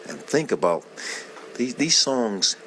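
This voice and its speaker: A man casually reminiscing in a heartfelt, rambling way, often halting and losing his thread. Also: mid-range voice, very animated, fairly bright tone, slight background noise, poor audio. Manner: heartfelt, moved by the memory. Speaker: vlogger sharing memories.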